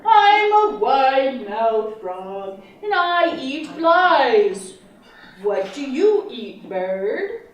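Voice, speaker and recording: A woman voicing a boastful male frog with a huge mouth, in a slow, loud, drawn-out deep voice. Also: big pitch swings, highs cut off, background noise, heavily acted. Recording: echoey room, from far off, children around.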